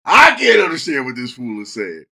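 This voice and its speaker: A man co-hosts a casual podcast, joking and mimicking the people he deals with at work. His bright voice has a gravelly edge and swings widely in pitch. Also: huge pitch swings, moderate pace. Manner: laughs often, mimics customers and coworkers. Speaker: podcast co-host. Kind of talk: casual chat.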